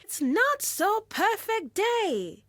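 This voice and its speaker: A woman's voice: fairly high pitch, very animated, unhurried, no echo. A woman voicing a playful, joyful young woman in a storybook reading. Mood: exuberant. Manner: playful, exuberant.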